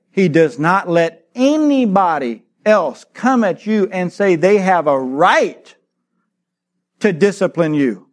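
A middle-aged man preaching, telling a childhood story with lively acted-out voices. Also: sits high, takes it slowly. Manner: animated storyteller, acts out voices, laughs often. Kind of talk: sermon with a personal story.

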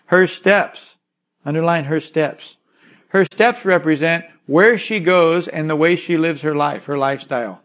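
Preaching man with a higher voice. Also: a bit bright. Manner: expository preaching, quotes scripture and addresses "son" with emphatic pauses. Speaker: pastor. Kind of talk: sermon.

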